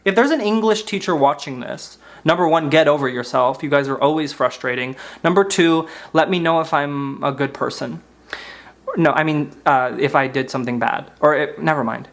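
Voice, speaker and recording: A man's voice: on the high side, moderate pace. A young man delivering a comedic monologue to camera in a sarcastic, mock-indignant way.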